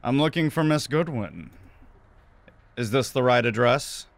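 A man voicing a weary, regretful young repo man in a low, murmured tone, reading game dialogue aloud. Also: expressive, unhurried, gravelly, no room sound. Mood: flat.

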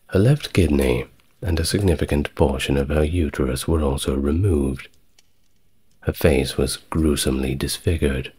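A man giving a calm, soft-spoken ASMR history narration, measured and steady, with wry conversational asides. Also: extremely low pitch, husky.

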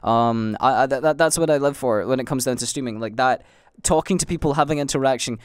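A man's voice: medium pitch, quick pace, clean tone, dry recording, studio quality. A young Scottish man hosting his own podcast, rambling through a casual solo monologue full of fillers, restarts and swearing. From Scotland. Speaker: podcast host and livestreamer.

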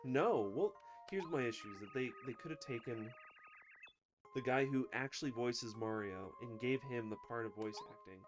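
A man's voice: medium pitch, normal speed, music in the background. A man hosting a casual game playthrough, joking and laughing often. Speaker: let's play host. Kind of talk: casual gaming commentary.

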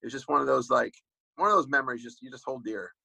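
Husky, forceful man telling rambling stories. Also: mid-range voice, fast talker, no room sound, low-quality recording. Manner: rambling storyteller, many "you know" fillers and restarts. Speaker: guest, former pro football player. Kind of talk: casual interview talk.

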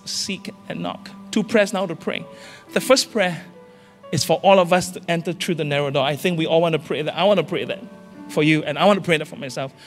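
A man from Singapore, a senior pastor preaching an impassioned sermon in a large church hall, pressing his listeners with urgent, repeated calls. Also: a little high. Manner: urgent, repetitive exhortations with rising calls. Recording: reverberant church hall with faint music.

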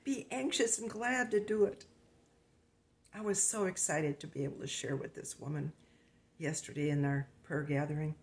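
An older woman pastor giving an earnest, informal sermon, often dropping to a hushed, breathy near-whisper. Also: lowish voice.

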